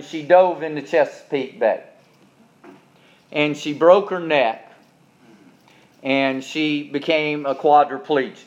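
High-voiced, folksy preacher man. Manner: folksy, emphatic preaching with repeated asides. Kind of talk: sermon. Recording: dull lo-fi recording.

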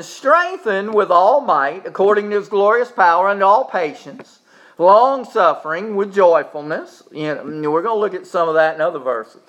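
A pastor with a high-pitched, somewhat bright voice preaches a sermon in a church service, using emphatic repetition, reading from the Bible and leading a spoken prayer. He asks the congregation to repeat after him.

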